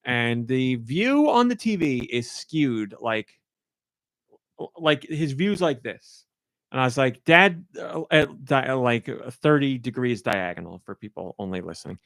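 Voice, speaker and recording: A man's voice: mid-range voice, lively intonation, a little slow, a bit bright, dry recording, studio quality. A man hosting a casual podcast, telling a family story animatedly and acting out quotes in a raised voice. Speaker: podcast host.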